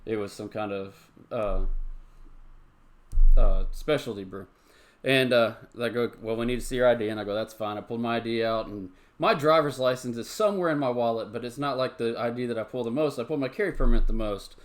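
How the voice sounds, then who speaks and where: A man's voice: medium pitch, fairly quick. A man hosting a live-stream chat show, talking chattily and ranting, with lots of repeated phrases. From Tennessee. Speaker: show host.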